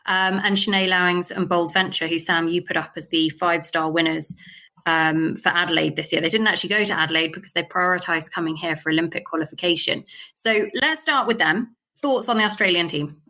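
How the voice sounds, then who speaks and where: Bright-voiced woman podcast host. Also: on the low side, brisk. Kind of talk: casual panel chat.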